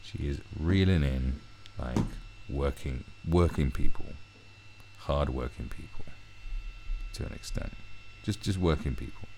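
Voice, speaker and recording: A man's voice: a bass voice, wildly swooping pitch, a little slow, gravelly, noisy background. A man ranting through a commentary video, swearing heavily and often restarting his sentences. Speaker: commentary vlogger.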